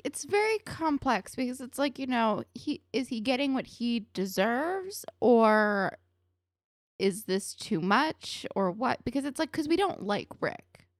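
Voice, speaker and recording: A woman's voice: fairly high pitch, very animated, a little slow, dry recording, clean studio sound. A woman co-hosting a podcast, musing over a TV episode in casual chat, opinionated and full of fillers. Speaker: podcast co-host.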